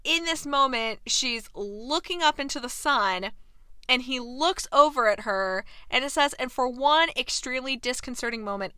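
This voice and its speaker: Bright-voiced woman recapping with animated retellings. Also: mid-range voice, clear, resonant tone, dry recording. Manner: animated, acts out characters' lines with laughs. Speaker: book and TV commentator. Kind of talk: casual recap with read-aloud passages.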